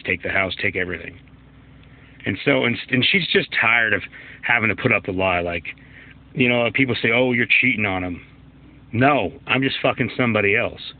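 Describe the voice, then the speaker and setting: A middle-aged man hosting his own channel, ranting bluntly and profanely in a casual monologue. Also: on the low side. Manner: blunt, profane, opinionated rant. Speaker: solo commentary host. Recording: tinny phone-like recording.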